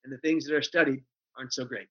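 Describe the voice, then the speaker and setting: A man's voice: mid-range voice, steady tone, fast talker, a bit bright, slightly rough. A man speaking as a guest on mental health, earnest and emphatic, repeating phrases for effect. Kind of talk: passionate conversational storytelling. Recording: dull lo-fi audio.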